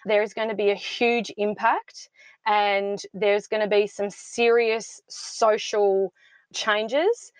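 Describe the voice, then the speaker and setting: A woman's voice: medium pitch, fairly even intonation, slow pace, smooth, no room sound. A woman, speaking passionately and emphatically as an interview guest. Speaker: podcast guest, founder of a mothers' support club. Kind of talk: heartfelt interview talk.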